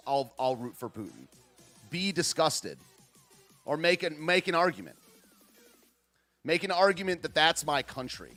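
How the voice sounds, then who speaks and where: A man hosting a political podcast, with his voice sitting slightly on the high side. He argues heatedly and restarts his sentences over and over as he reacts to chat. Faint music plays under him. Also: fairly bright tone. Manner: heated, argumentative, rambling with many restarts. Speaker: podcast host.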